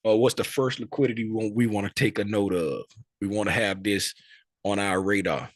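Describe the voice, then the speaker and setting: A man with a fairly low voice leads a live trading lesson, firing questions at his students and circling back to the same point again and again. His voice is close and dry, with no room sound around it. He checks in constantly with "right?" and "okay?". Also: moderate pace, no echo. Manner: quizzing students, repeating key points, tag questions. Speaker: trading instructor. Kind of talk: live teaching session with students.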